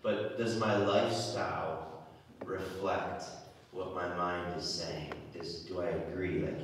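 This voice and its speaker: A man's voice: sits low, steady tone, takes it slowly, slight background noise. A man giving a homily, talking conversationally and often repeating words as he restarts. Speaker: preacher. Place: church. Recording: echoey church from far off.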